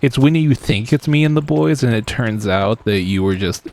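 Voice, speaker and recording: A man's voice: medium pitch, expressive, normal speed, darkish tone. A man live-streaming a game, chatting casually in a rambling, self-deprecating way and chuckling often. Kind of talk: casual live-stream chat while playing.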